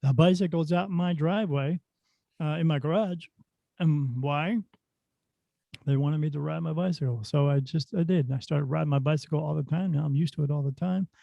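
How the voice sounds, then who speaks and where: A middle-aged man, a spirit medium guest on a podcast, telling stories in a lively, casual way. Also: a little high, brisk, creaky, dry recording. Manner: animated storyteller who acts out dialogue. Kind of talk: casual storytelling in a podcast interview. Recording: dull, dry lo-fi sound.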